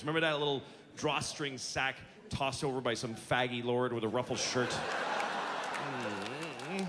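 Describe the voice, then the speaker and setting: A man's voice: medium pitch, background noise. Profane stand-up man before a laughing crowd. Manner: profane, exasperated, mocking. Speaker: stand-up comedian. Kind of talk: stand-up comedy set. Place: theater stage. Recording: big hall with a loud, laughing crowd.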